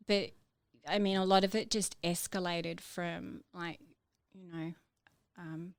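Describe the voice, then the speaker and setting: A woman telling her own story in a podcast interview, halting, with many fillers and restarts. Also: fairly low pitch, gravelly, smooth, no room sound. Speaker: interview guest.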